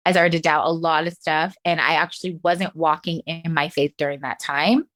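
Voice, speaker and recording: Lively low-voiced woman telling stories. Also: normal speed. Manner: animated, laughs often, acts out quoted voices. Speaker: professional dancer, podcast guest. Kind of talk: casual interview storytelling.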